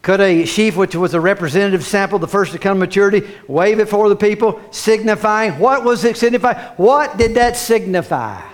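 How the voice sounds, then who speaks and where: A man preaching a fervent sermon, repeating phrases and rising to shouts. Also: sits high, a little fast, hardly any pauses.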